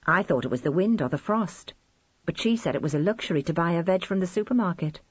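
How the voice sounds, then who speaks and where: Brief: woman reading as an irritable daughter for an audiobook; deeper voice, dry and close. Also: expressive, fast talker, husky, no echo. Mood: explaining. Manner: curt, defensive retorts. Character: defensive grown daughter, curt and irritable. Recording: slightly dull lo-fi recording.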